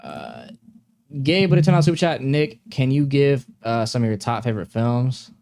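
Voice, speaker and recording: A man's voice: medium pitch, very animated, moderate pace, vocal fry, a little mellow. A young man hosting a live stream, chatting casually with viewers in a laid-back, slangy way and laughing often.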